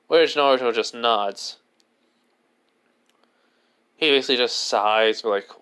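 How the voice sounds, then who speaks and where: A man's voice: mid-range voice, slow pace, a bit bright, clear, resonant tone. A man telling an improvised fan story, rambling and leaning heavily on filler words and restarts. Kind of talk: improvised fan fiction narration.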